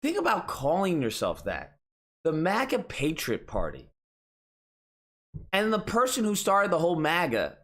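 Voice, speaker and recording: A man's voice: fairly high pitch, huge pitch swings, a little slow, long pauses, fairly bright tone. A man hosting a political commentary stream, ranting in an exasperated, mocking, profane way.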